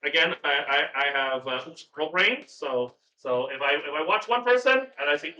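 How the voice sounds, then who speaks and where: A man in casual chat as a podcast guest, rambling and excitable, swearing now and then, on a video call. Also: a little high, brisk, hardly any pauses. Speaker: podcast guest, cooking streamer. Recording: far-off, roomy, dull sound with hum.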